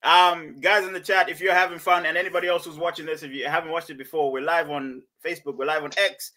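A man's voice: fairly high pitch, steady tone, quick pace, pushed and bright, low-quality recording. A man hosting a live podcast, rowdy and laughing, talking over the others. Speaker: podcast host. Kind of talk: casual live-stream chat.

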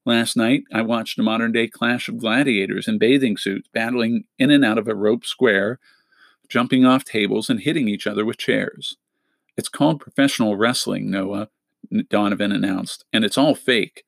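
A man's voice: moderate pace, gravelly, no room sound. A man reading a middle-grade novel aloud, lifting his voice for each character's lines and dropping it for the tags. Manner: lifts pitch for quoted characters, drops for tags. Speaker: audiobook narrator.

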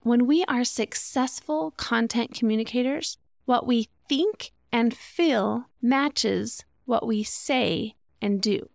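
A woman's voice: on the high side, vocal fry, no room sound, studio quality. A middle-aged woman hosting a solo podcast, explaining ideas conversationally and asking rhetorical questions. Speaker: podcast host.

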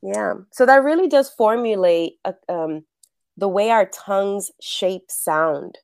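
A middle-aged actress and acting teacher from the Bronx, New York, chats animatedly as a guest in a casual interview, laughing often. Her mid-range voice is slow, darkish, and touched with vocal fry, recorded cleanly in a studio with no echo.

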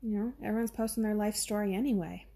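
A woman co-hosting a podcast in casual chat, chatty, acting out little scenes in quick voices. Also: mid-range voice, steady tone, warm tone, husky. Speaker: podcast co-host.

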